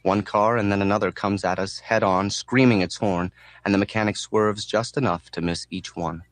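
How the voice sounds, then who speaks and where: Low-voiced man narrating an audiobook. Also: fairly even intonation, moderate pace, dry recording, faint music behind.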